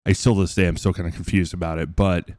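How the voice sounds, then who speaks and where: Very deep-voiced man rambling in commentary. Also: little pitch movement, fast, a little mellow, dry recording, clean studio sound. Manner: rambling, hesitant, thinks aloud. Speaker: reaction video host. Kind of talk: reaction commentary.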